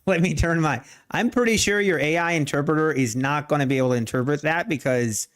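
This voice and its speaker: A man's voice: on the high side, brisk, a bit bright, smooth. A man with a Pennsylvania Dutch accent, a native speaker of that dialect, hosting a live day-trading stream and joking casually with his viewers. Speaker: day trading livestream host.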